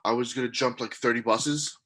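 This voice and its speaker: A man's voice: mid-range voice, fairly even intonation, fairly quick, fairly bright tone. A man co-hosting a casual podcast, giddy and laughing a lot, swearing freely. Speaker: podcast co-host. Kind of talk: casual joking chat.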